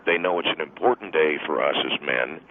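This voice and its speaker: A very low, gruff-sounding football coach in middle age rants on and on with blustering indignation, as a man puts him on. He comes through a thin, tinny phone line, his voice squeezed into a narrow band. Every sentence carries the same sulky grievance. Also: a little fast, a little hiss or hum. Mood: resentful. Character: irritable middle-aged male football coach who resents wives at games.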